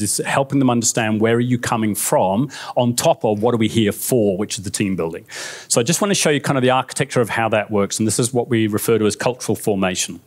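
A man with a New Zealand accent giving a lively, conversational keynote talk on stage, often checking in with the audience. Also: mid-range voice. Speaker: conference speaker. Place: conference stage.

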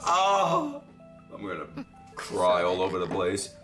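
A young man hosting an anime reaction video, talking excitably, swearing freely and often laughing. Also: medium pitch, moderate pace, soft background music. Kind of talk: live reaction commentary.

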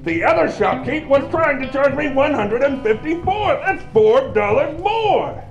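A shrill, gravelly alien drummer. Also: male voice, expressive, measured pace, roomy sound, dull audio, faint music behind, exaggerated voice. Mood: haughty. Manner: grandly theatrical, fussy. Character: pompous alien drummer, male, theatrical and bossy. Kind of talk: educational puppet comedy.

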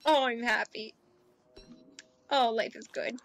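A woman giving chatty let's play commentary, talking to game characters and gushing excitedly. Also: a little high, slow, long pauses, no echo. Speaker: gaming YouTuber.

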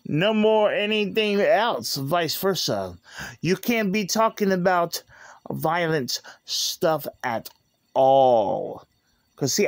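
A man's voice: on the high side, no room sound. A man in an aggrieved, repetitive rant, recorded on a phone. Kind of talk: angry rant to camera.

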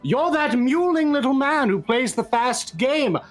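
A man's voice: very high voice, animated, a little slow. A man playing a tabletop game, speaking in character in a pompous, accusing way. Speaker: player. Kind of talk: in-character roleplay. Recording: faint music behind.

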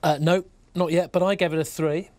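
A man working as a radio co-host, dry and deadpan in his replies. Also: a little high, a little fast, no room sound. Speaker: radio sidekick.

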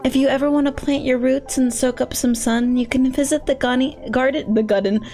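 A woman's voice: sits high, fairly even intonation, fairly quick, dark tone, voice pushed up. A woman voicing a sweet, earnest young female gardener in a game, chatty and stumbling over her words.

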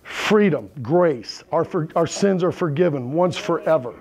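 High, gravelly-voiced preacher checking in. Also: male voice, animated, measured pace, darkish tone. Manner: checks in with the congregation, asking "right?" and "okay?". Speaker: pastor. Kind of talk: conversational sermon. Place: church sanctuary with congregation.

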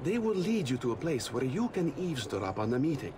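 A man's voice: mid-range voice, sing-song, brisk, natural voice. A man voicing La Volpe, a sly thief. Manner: teasing, laughs easily. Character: sly, playful male thief leader, adult. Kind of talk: video game voice acting. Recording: game audio with crowd noise.

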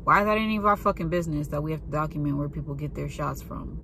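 A woman's voice: deep voice, fast talker, noisy background. A young woman who works in a pharmacy, ranting in a blunt, profane and sarcastic way in a casual monologue. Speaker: pharmacy worker venting.

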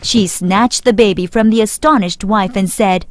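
Clear, expressive woman narrating a fairy tale. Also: mid-range voice, moderate pace, dry recording. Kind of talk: scripted storybook narration for children.

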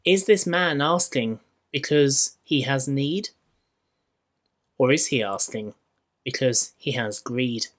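Scottish minister preaching with dry humour. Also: male voice, medium pitch. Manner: measured, rhetorical questions, dry humour. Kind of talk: sermon. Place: church.

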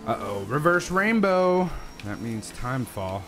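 A man giving casual, sarcastic let's-play commentary, animated and swearing often. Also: mid-range voice, slow pace, creaky, soft background music. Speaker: gaming video host.

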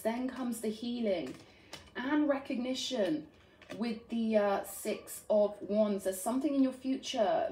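A woman's voice: fairly high pitch, warm tone. A woman giving an earnest, affectionate tarot reading, often checking in with "right?". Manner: earnest and affectionate, frequent "right?" tag questions. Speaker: tarot reader. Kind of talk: spiritual tarot reading to camera. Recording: roomy echo.

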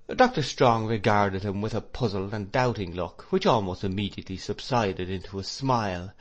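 In scripted audiobook narration, a lowish-voiced man tells the story at an even, measured pace.

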